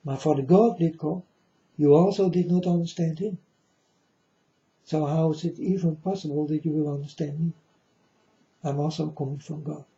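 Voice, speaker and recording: A man giving a preachy monologue to his viewers, halting often and grandly addressing them as folks. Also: a little high, fairly even intonation, mellow. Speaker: self-styled preacher vlogger. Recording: dull lo-fi recording.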